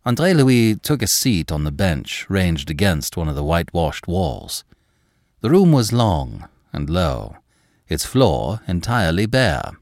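A man narrating a classic novel in measured, expressive storytelling style. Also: low voice, no room sound, clean studio sound.

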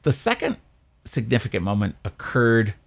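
A man, a priest co-hosting a church podcast, telling a childhood story in casual chat with lively quoted voices. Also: moderate pace, gravelly. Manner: animated storyteller, jumps high for quoted voices.

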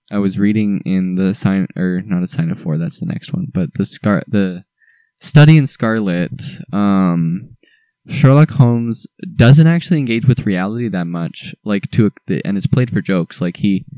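A man's voice: lowish voice, normal speed, mellow, no room sound. A young man co-hosting a casual podcast, talking in enthusiastic, rambling bursts with lots of restarts. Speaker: podcast co-host.

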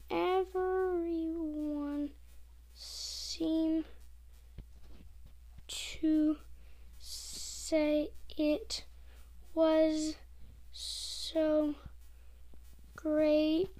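A woman's voice: high-pitched, level tone, a little mellow. A young woman vlogging casually, reading her text messages aloud and sometimes dropping to a whisper. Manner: reads texts aloud slowly, giggly, drops to whispers. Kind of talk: casual narration while texting.

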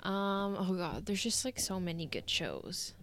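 A woman in her twenties chatting casually with a friend, laid-back and quick to laugh. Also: mid-range voice, expressive, a bit bright. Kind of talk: casual chat.

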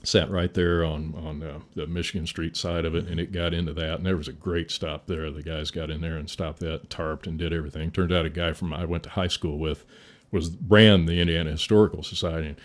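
A man's voice: a bass voice, little pitch movement, fairly quick. A man, a fire chief from the Midwest, telling a war story in a folksy way, swearing and chuckling now and then. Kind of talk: casual storytelling.

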